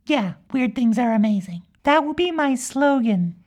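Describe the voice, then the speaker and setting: High-pitched voice, childlike young unicorn girl, giggly, rambling, mischievous, as a woman plays her. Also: expressive, moderate pace, a little mellow. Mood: chatty. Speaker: podcast character. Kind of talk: improvised comic storytelling.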